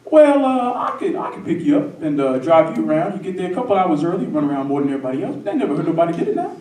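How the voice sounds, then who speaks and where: A young man doing a loud pushy football coach. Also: big pitch swings, rapid-fire, a crowd in the background. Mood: persuading. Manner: wheedling, hyped-up recruiting pitch. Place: theatre stage. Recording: roomy stage sound from a distant mic.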